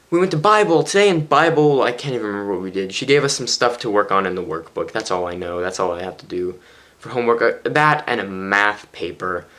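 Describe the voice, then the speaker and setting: A man's voice: mid-range voice, fairly bright tone. A tired teenage boy rambling chattily through a casual daily vlog from his bedroom, poking fun at himself. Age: teens. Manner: rambling, chatty, self-mocking. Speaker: vlogger.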